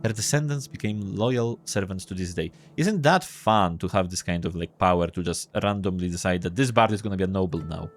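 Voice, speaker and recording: A man's voice: low voice, fairly quick, few pauses. A man casually commenting on a game as he plays, joking and swearing as he reads the text aloud. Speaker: gameplay video host.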